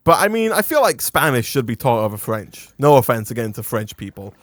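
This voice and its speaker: A man's voice: medium pitch, sing-song, fairly quick, a bit bright, no room sound. A young English man hosting a casual gaming chat who rambles into playful rants and laughs often. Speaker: gaming channel host.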